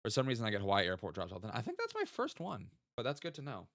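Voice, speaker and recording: A man's voice: lowish voice, huge pitch swings, racing, gravelly, a bit bright, no room sound, studio quality. A young man casually thinking aloud and joking while streaming a geography guessing game. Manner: chatty, thinks aloud, jokey asides. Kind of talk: casual gaming stream chat.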